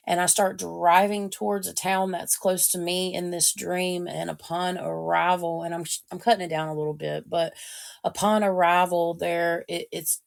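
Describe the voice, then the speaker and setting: A woman's voice: lowish voice, creaky. A woman co-hosting a podcast, telling a story casually with hesitant ums. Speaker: podcast co-host.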